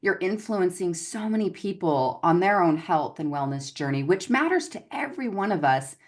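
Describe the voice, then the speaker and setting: A woman's voice: lowish voice, lively intonation, normal speed. A woman hosting an online gratitude series, introducing her guest in an effusive, gushing way. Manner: effusive and gushing, calls listeners "y'all". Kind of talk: enthusiastic livestream interview.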